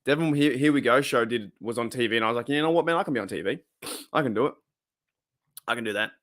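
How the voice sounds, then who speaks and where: A man's voice: mid-range voice, quick pace, a bit bright. Laid-back Australian man rambling on stream. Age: 30s. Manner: rambling, laid-back, repeats himself, chuckles often. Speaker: host of a fan livestream. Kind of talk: casual livestream chat reacting to viewers.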